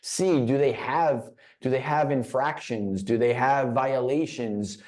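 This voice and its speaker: A man's voice: mid-range voice, slow pace, darkish tone. A man speaking as a guest in a business leadership session, telling a story with frequent restarts and repeated words. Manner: storytelling, repeats words when starting phrases. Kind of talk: motivational talk.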